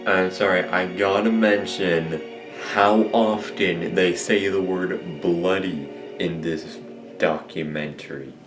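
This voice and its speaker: A man's voice: low-pitched, fairly even intonation, takes it slowly, music in the background. A man giving a casual, rambling and jokey review of a show at home, often correcting himself. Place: at home with a cat on his lap.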